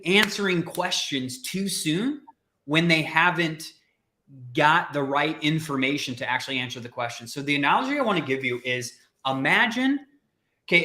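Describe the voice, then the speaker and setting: A man co-hosting a career podcast, coaching listeners with emphatic, rapid rhetorical questions. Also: a little high, pushed and bright, reverberant. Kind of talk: energetic coaching talk.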